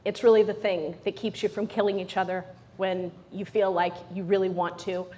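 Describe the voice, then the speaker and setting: Mellow and mid-range, her delivery is flat and her speed normal. She's a playful, joking middle-aged woman giving a humorous motivational talk to a live audience, dropping in "right?" to the crowd again and again.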